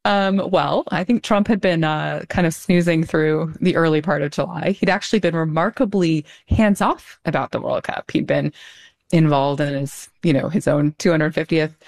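A woman with a low voice explains things in a relaxed, conversational way. She pauses often with ums and laughs lightly. She sounds thoughtful and easygoing. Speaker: guest commentator. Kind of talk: casual conversational analysis.

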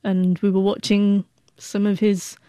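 A woman's voice: mid-range voice, little pitch movement, measured pace, dark tone, no echo, studio quality. A woman in her forties, a guest telling a heartfelt personal story, who stutters and breaks off the starts of words. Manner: heartfelt, reflective.

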